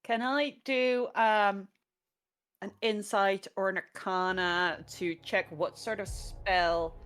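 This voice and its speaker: A woman's voice: medium pitch, steady tone, slow pace, fairly bright tone, clear, resonant tone, faint music behind. A woman player in a tabletop game, casual and giggly, who swears and stumbles over words.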